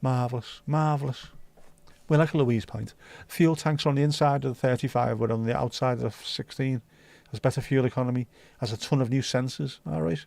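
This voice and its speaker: A man hosting a casual livestream, chatty and jokey, answering viewers as he goes. His voice sits at a middle pitch. The recording is dry, with no room echo. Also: fairly even intonation, fairly quick, gravelly, few pauses, darkish tone. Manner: chatty, jokey, reacting to chat. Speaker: livestream host.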